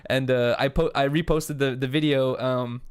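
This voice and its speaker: A man's voice: medium pitch, steady tone, normal speed, smooth. Rambling young man on a casual podcast. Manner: rambling, filler-heavy, swearing. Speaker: podcast co-host. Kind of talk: casual chat.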